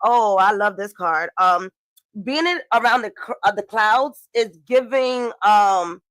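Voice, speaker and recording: A woman's voice: mid-range voice, unhurried, a bit bright, no echo. Chatty woman reading tarot, dry close sound. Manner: chatty, swearing, laughing asides. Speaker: tarot reader. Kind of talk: casual astrology and tarot reading.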